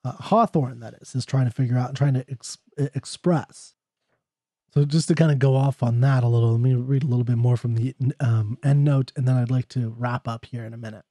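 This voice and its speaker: A man giving an off-the-cuff lecture on a poem, talkative and excited, reading quoted passages aloud between his own comments. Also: medium pitch, fairly quick, no echo, studio quality. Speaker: poetry lecturer.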